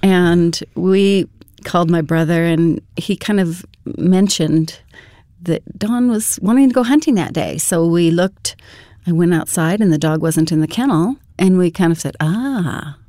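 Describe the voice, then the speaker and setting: Woman, mellow tone, conversational storyteller, dry studio sound. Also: fairly low pitch, measured pace, no echo. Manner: conversational, full of fillers and self-corrections. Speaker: guest telling her story. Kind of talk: personal testimony storytelling.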